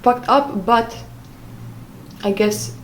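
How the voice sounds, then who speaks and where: A young woman telling a personal story in a casual, halting way, often stopping to search for words. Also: on the high side, slight background noise, low-quality recording. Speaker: vlogger.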